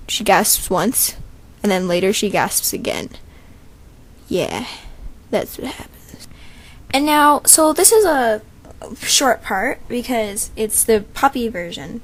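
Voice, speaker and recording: A woman with a thin, slight voice, chatting casually and rambling as she explains a voice casting call. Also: medium pitch. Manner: rambling and chatty, with many fillers and asides. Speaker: creator announcing a voice casting call.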